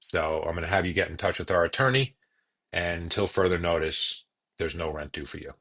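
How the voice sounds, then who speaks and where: A man's voice: deep voice, fairly quick, a bit bright. A man voicing a friendly, matter-of-fact English neighbor with a light English accent.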